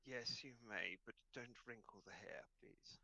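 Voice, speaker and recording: A man voicing a proud giant husky who acts as an aloof pack leader, haughty and curt, but gushing when he is scratched. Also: lowish voice, unhurried, bright, forceful tone, dry recording, voice pushed down, full character voice.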